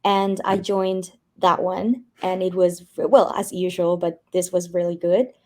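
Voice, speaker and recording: A woman's voice: lowish voice, flat delivery, a little slow, mellow. A woman co-presenting weekly updates on a casual community call, friendly in manner. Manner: friendly, laughs between lines.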